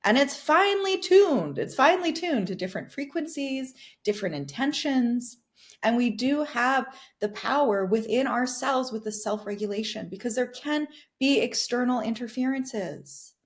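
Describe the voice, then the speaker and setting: A middle-aged woman, a podcast host and wellness coach, explaining self-regulation in an earnest, casual teaching talk, often restarting her words and laughing softly. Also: a little high, animated, moderate pace.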